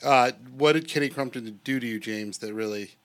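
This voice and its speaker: A man joining crude comedic banter on a podcast, throwing in quick jokes and questions. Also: medium pitch. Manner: quick interjections, asks questions.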